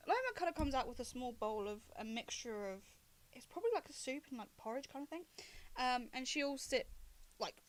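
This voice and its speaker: A woman runs a tabletop game on a livestream, describing scenes in a casual way. She hesitates often, filling gaps with ums and starting sentences over. Her voice sits a bit high. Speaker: game master.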